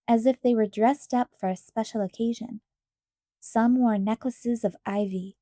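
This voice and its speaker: A woman narrates a children's storybook in a calm, clear reading voice. Her tone is mellow and dark while her pitch sits a bit high, and the recording is close and dry with no room sound. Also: no room sound. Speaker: audiobook reader.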